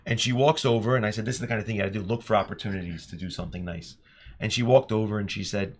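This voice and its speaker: A man and teacher telling classroom stories in an earnest, animated podcast chat. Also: on the low side, very fast. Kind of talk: casual storytelling chat.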